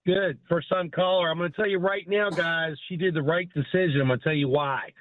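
A man's voice: fairly high pitch, fairly even intonation, fairly quick, no room sound. A middle-aged man calling in to a radio show, making his point emphatically and insistently. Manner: emphatic, insistent, keeps saying "you know what I mean". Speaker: caller. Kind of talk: phoned-in opinion. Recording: tinny phone line.

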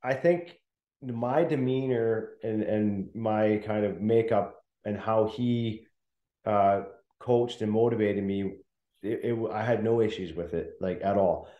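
A man's voice: lowish voice, takes it slowly, reverberant, lo-fi sound. A middle-aged man, a former hockey player, telling laughing stories as a guest in a casual interview. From Canada. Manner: laughs often, chatty, many restarts.

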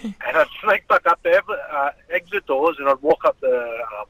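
A middle-aged man with a raspy, gravelly voice, fairly high for a man and bright with a forceful edge. He tells his stories in a loose, swearing, animated way. The sound is dry and close. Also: normal speed, no room sound, rough recording. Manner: swearing, rambling, animated storyteller. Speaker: former boxer, guest. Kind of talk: casual storytelling interview.

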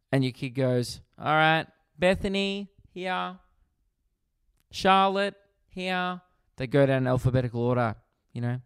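An Australian man riffing through a comedic podcast monologue with a smooth, resonant voice. He rants in an animated, exasperated way and swears freely. The sound is close and dry, with no room around it. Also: medium pitch, dry recording. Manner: animated, profane, exasperated ranting.

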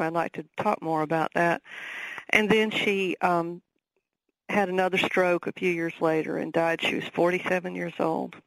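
Woman, Southern accent, gravelly voice, halting delivery, radio guest. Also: fairly low pitch, no echo, rough recording. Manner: halting, many ums and restarts. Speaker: author and guest. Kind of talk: radio interview.

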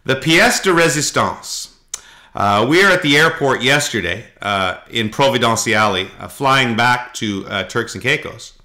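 Middle-aged male podcast host, bright edge to the voice, halting and anecdotal. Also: mid-range voice, expressive. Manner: rambling storyteller, frequent halting fillers, does voices in anecdotes. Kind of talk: casual podcast chat.

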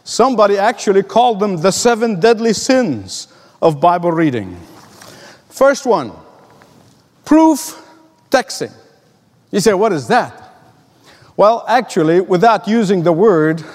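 A man's voice: sits high, lively intonation, unhurried, pauses often. Emphatic man preaching in a reverberant space. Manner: earnest, emphatic, storytelling with rhetorical questions. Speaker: pastor. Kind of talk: sermon.

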